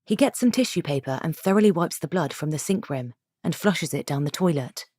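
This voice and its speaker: Low-voiced woman reading a story. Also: lively intonation, a little fast, a little mellow, slightly rough, no room sound, clean studio sound. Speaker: narrator.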